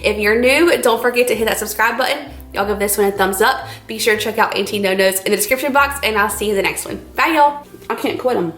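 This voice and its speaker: A woman's voice: medium pitch, fast talker, a bit bright. A woman hosting a casual cooking vlog from her home kitchen, bubbly and gushing. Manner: bubbly, gushing, says y'all often. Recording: roomy kitchen echo, faint music.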